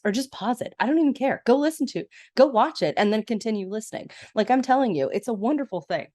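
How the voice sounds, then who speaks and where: A woman hosting a podcast who recaps a movie in a gushing, chatty and animated way. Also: medium pitch, no room sound, clean studio sound. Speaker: podcast host.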